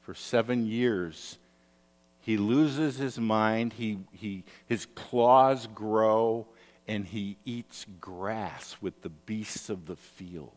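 A low-pitched man preaches slowly, telling stories with lively asides and checking in with "right?". His voice carries a long reverb tail from a large hall. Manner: storytelling, animated with asides and rhetorical "right?". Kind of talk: sermon.

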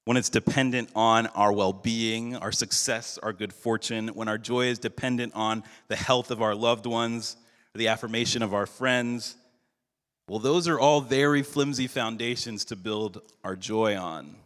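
A male pastor giving a sermon in an earnest, measured way, slowing down for emphasis. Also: lowish voice, a bit bright. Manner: earnest, measured preaching with slowed emphatic phrases. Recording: long hall reverb.

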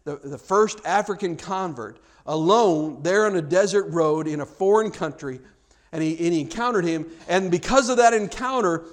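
A man's voice: sits high, moderate pace. A man preaching a sermon, telling a story with acted-out dialogue and frequent stammered repeats.

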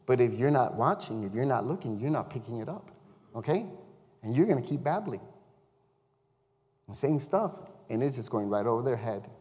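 A man's voice: mid-range voice, lively intonation, moderate pace, pauses often, darkish tone. Man preaching in a reverberant church. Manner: conversational, asks the congregation questions. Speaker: chaplain and preacher. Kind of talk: sermon. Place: church sanctuary.

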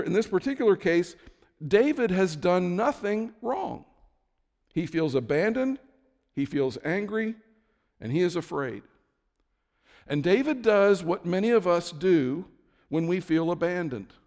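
Chatty preacher in a reverberant hall. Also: male voice, high voice, a little mellow. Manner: conversational, with many restarts and asides. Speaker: pastor. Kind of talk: sermon.

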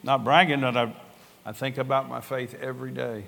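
A man's voice: medium pitch, fairly even intonation, fairly quick, gravelly, fairly bright tone. Older male pastor, conversational sermon, earnest storyteller, church hall with long echo. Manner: earnest storytelling, conversational preaching with quoted dialogue. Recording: long reverb of a large hall.

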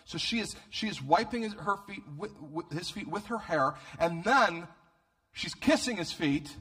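A male pastor preaching a sermon, animated and humorous, often repeating words as he starts a phrase. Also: high-pitched, moderate pace, husky.

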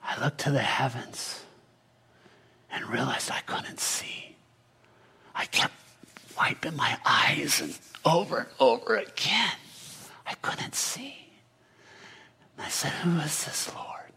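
Slow, breathy man telling a Bible story. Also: mid-range voice, big pitch swings. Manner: often drops to a hushed whisper. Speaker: storyteller in first person as a biblical figure. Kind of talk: dramatic first-person Bible monologue.

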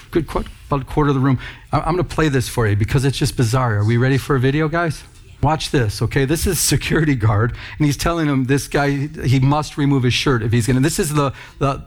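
A man preaching a sermon in church, talking conversationally and with emphasis, calling out to the congregation. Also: medium pitch. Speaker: pastor.

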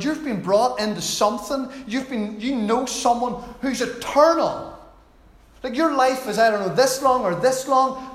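A man preaching a sermon in a conversational, storytelling manner with gentle humor. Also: high voice. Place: church. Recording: roomy hall echo.

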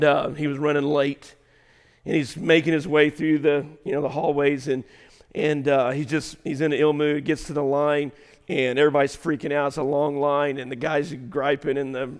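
Fiery preacher in a reverberant hall. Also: male voice, a little high. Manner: swings between hushed storytelling and shouted emphasis. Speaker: pastor. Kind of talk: sermon. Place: large auditorium.

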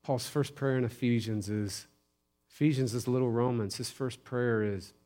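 A man preaching a sermon, building to loud emphasis with repeated phrases and dropping to hushed near-whispers. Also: mid-range voice, fairly even intonation, normal speed. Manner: preaches with rising intensity and repetition. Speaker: pastor.

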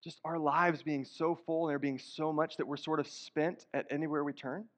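He preaches a sermon as pastor, keeping a level tone at a moderate pace in a voice that leans high. The delivery is earnest and conversational, lifted by rising emphatic bursts. Recorded in a church sanctuary, it sounds dull with a long hall reverb.

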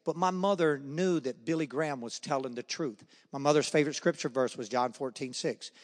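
A middle-aged man, the guest speaker at a men's breakfast, shares his personal testimony through stories, acting out the voices. His pitch is fairly high and he talks a little fast. The hall he's in is echoey.

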